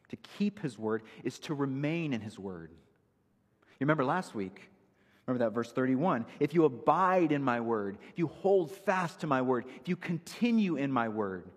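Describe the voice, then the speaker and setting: Husky, lively preaching man. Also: mid-range voice, in a large hall. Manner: emphatic, teaching verse by verse. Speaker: pastor. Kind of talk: expository sermon.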